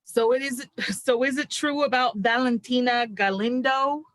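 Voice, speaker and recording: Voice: medium pitch, moderate pace, a bit bright, no room sound, close to an everyday voice, poor audio. A non-actor voicing a gossipy female prison officer in an amateur live script reading over a video call, with hesitant, unpolished delivery. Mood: confiding. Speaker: script reader.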